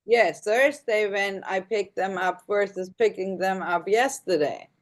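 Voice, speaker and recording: A woman's voice: medium pitch, measured pace. A woman, a guest on a video call, talking casually with many fillers. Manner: chatty, hesitant fillers, gentle.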